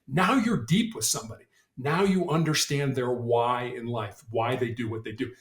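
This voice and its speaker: A man's voice: medium pitch, normal speed. A middle-aged man, a motivational speaker and guest on a podcast, telling stories in an earnest way and often repeating words as he starts a sentence. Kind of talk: conversational storytelling interview. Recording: roomy echo.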